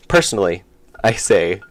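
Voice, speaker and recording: Low-voiced man rambling on a dev stream. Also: no echo. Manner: rambling, self-interrupting, chuckling. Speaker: indie game developer streaming. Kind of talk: casual live-stream chat while coding.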